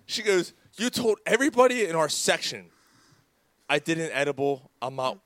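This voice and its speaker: This podcast co-host has a fairly high, sing-song voice with a slightly bright tone, speaking at a moderate pace with no echo. On a casual sports show recorded in a studio, he winds through a lengthy story, swearing a lot and performing the voices of those he quotes.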